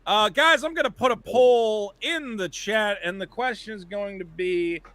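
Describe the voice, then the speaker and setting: A man hosting a casual podcast, joking and animated, with loud bursts when he mimics people. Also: sits high, measured pace, no room sound. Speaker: podcast host. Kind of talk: casual chat.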